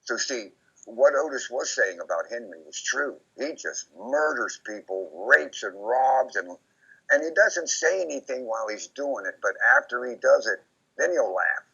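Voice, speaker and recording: A man being interviewed, rambling and repeating himself as he recounts memories, often quoting others in lively put-on voices. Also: mid-range voice, normal speed, gravelly, slightly rough. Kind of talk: casual recorded conversation. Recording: dull lo-fi recording.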